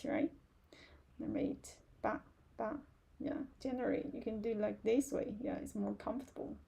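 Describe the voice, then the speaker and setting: A woman teaching a live online beginner Chinese class, speaking slowly and patiently and repeating words for learners to copy. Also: mid-range voice, creaky, dark tone, husky.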